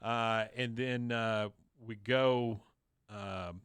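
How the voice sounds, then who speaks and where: A man's voice: medium pitch, fairly even intonation, drawn-out words, a bit bright, a little hiss or hum. A man casually recapping a cartoon episode on a podcast, rambling with lots of fillers and acting out the lines.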